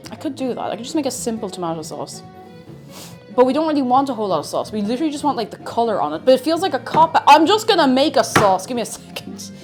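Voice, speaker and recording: A woman's voice: sits high, very animated, quick pace, over music. A woman streaming herself cooking in a home kitchen, chatting casually and mocking herself as she rambles. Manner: rambling, self-mocking, talks to herself and chat. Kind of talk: casual live-stream chat while cooking.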